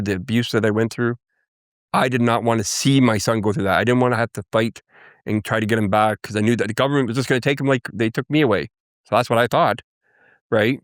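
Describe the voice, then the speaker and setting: Low-voiced man telling his story earnestly. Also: no echo, clean studio sound. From Canada, First Nations Cree. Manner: earnest, halting storytelling with restarts. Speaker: guest. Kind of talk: personal testimony in interview.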